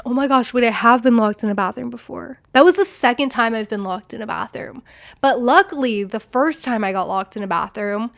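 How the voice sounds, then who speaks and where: A young woman hosting a podcast, telling a story in a casual, animated way, with constant "like" fillers and frequent swearing. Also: on the high side, vocal fry. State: recovering from an illness. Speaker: podcast host.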